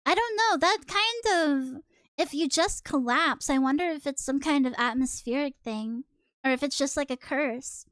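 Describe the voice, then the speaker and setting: A woman's voice: sits high, moderate pace, fairly bright tone, no echo. A young woman streamer reading a manga aloud and chatting casually about it, reactive and laughing easily, on a close desk mic. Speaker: VTuber streamer.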